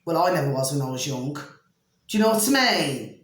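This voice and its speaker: A woman's voice: sits low, animated, normal speed. A middle-aged woman with a homely, rambling way of talking, chatting about spiritual matters in a vlog. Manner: rambling, homely, fond of mild slang like "flipping" and "blooming". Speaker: vlogger. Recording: very echoey room.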